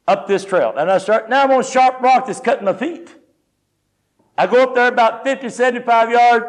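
A man preaching, telling a folksy, animated personal story with quoted speech. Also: high voice. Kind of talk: sermon testimony storytelling.

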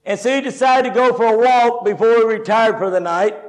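High-voiced man preaching with folksy stories. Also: a little fast. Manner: folksy storytelling, varied loudness. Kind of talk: storytelling sermon.

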